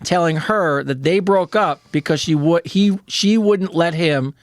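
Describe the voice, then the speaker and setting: A man with a somewhat high voice talks frankly on a podcast, matter-of-fact and loose with swear words. His voice is recorded dry and close. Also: a little slow, no room sound. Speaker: co-host. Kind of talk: casual podcast chat.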